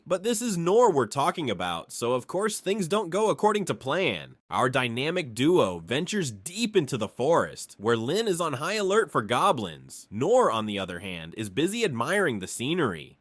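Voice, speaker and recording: Wry male recap narrator, lively pitch. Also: dry recording. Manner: wry, jokey storytelling. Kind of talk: comic anime recap narration.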